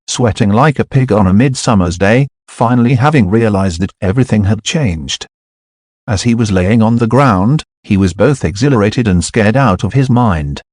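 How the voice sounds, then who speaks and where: Low male narrator for a novel audiobook, steady and even, dry recording. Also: normal speed, dry recording.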